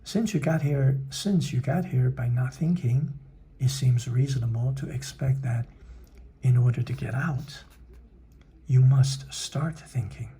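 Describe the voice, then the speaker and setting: Man reading storybook watchdog, growling, husky, dark, gravelly, impatient. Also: medium pitch, a little slow. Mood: stern. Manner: growling, scolding. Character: gruff impatient male watchdog with a clock body.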